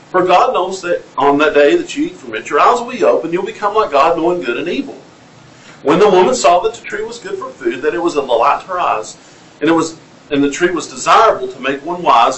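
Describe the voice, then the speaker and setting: Here a pastor speaks with a Southern US accent in a voice on the high side and a bit bright. He reads scripture aloud and asks the congregation questions in an interactive sermon. The church sanctuary recording is echoey, with a little hiss or hum.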